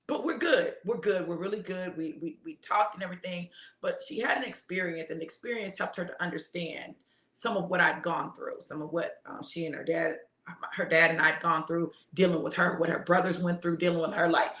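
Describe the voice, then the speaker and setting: A woman's voice: fairly low pitch, normal speed, a bit bright. A middle-aged woman who preaches, telling a family story in a casual, heartfelt way and laughing often. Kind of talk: casual motivational talk. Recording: roomy echo.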